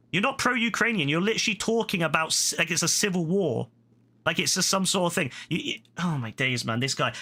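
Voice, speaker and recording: A man's voice: mid-range voice, pushed and bright. A British man livestreaming a game, ranting heatedly at a viewer in chat, profane and repetitive. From Britain. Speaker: gaming livestreamer. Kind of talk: angry rant at a chat viewer.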